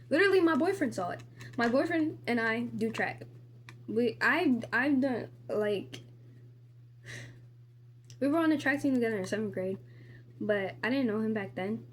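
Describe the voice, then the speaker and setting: Teen girl vlogger, high voice, rambling profane storytime, faint hiss behind. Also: animated, a little slow, long pauses. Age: teenager. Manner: rambling, profane, heavy use of "like"; indignant ranting. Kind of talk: casual get-ready-with-me storytime.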